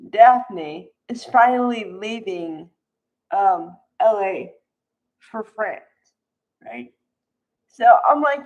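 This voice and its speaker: High-voiced woman giving unhurried frank opinions. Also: lo-fi sound. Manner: chatty, frank, laughs often, calls people honey. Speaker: soap opera commentator. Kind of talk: casual opinionated commentary.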